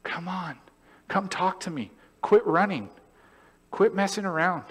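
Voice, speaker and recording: Animated man preaching in a reverberant church. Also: high voice, a little slow, breathy edge. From California. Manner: animated, storytelling, acts out voices and laughs. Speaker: pastor. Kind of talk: sermon. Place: church sanctuary.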